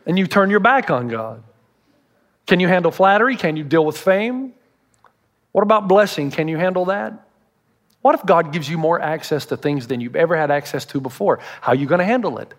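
A man's voice: on the high side, expressive, fairly quick. A middle-aged man, a pastor preaching a sermon with humorous storytelling.

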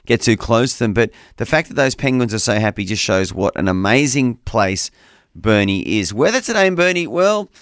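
Male breakfast radio co-host, chatty and playful, mid-pitched, dry close studio sound. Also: expressive, normal speed, clean tone, no room sound. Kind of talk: casual radio banter.

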